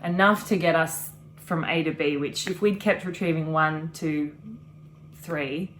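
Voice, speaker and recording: A woman's voice: low voice, fairly even intonation, a little slow, fairly bright tone, a little hiss or hum. A woman in her thirties chatting casually on a vlog, earnest and reflective, talking in long run-on sentences. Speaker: vlogger. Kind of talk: casual chat.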